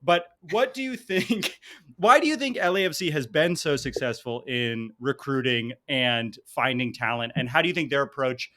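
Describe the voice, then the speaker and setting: A man's voice: medium pitch, lively intonation, normal speed, a bit bright. A man hosting a casual podcast interview, asking long, rambling questions with jokes and frequent laughs. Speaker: podcast host.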